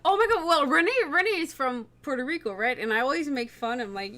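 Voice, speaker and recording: Animated storytelling woman, high voice. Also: fast, hardly any pauses. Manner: animated storyteller, laughs often. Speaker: stream co-host. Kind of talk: casual chat.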